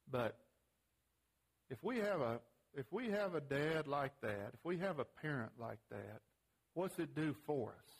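A man's voice: medium pitch, husky. A middle-aged man teaching a parenting class, plain-spoken and folksy, telling a family story with casual grammar and frequent restarts. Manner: halting restarts when animated. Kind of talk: folksy teaching talk with audience questions.

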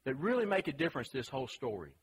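Husky-voiced lively male preacher. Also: medium pitch, rapid-fire, poor audio. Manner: conversational, emphatic, rhetorical questions. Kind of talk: sermon.

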